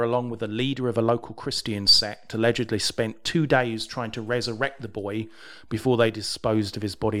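Male podcast host, dry and wry, middle pitch, casual news-reading chat. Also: sharp tone.

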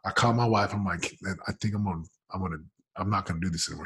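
A man, a business coach, telling his story in a casual, energetic way, full of "man" and "like", swinging between loud excitement and quiet murmurs. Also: deep voice, brisk, breathy edge. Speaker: business coach, interview guest.

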